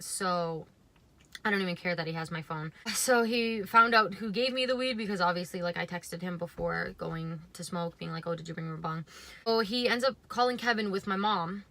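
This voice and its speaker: A woman's voice: mid-range voice, bright, forceful tone. A young woman telling a storytime on her vlog, rambling and swearing, with lots of "like" fillers. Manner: rambling, swearing, heavy use of "like". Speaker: vlogger. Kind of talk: casual storytime.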